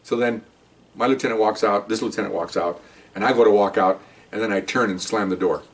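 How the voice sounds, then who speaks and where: Older ex-detective, fast and heated storyteller, slightly distant mic. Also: male voice, fairly low pitch. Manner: heated, animated, acts out quoted lines. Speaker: retired narcotics detective. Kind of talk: personal storytelling.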